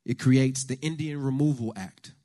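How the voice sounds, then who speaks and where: Animated American man preaching on faith and politics. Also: mid-range voice, moderate pace. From United States. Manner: animated storyteller, conversational with the audience. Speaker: speaker at a church lunch talk. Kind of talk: faith-based talk on politics. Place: talk to a live audience.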